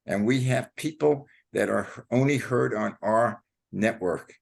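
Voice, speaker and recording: A man hosting an interview show, speaking in a halting way with some stumbles. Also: fairly low pitch, creaky. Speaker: show host. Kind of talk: casual interview.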